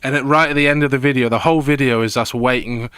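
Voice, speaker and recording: A young man talks casually through a live gaming stream, drifting between topics and swearing plenty, as if thinking out loud in a loose, laid-back way. His ordinary-pitched male voice is bright, forceful, clear, and resonant, with a steady tone and fast delivery on a dry recording.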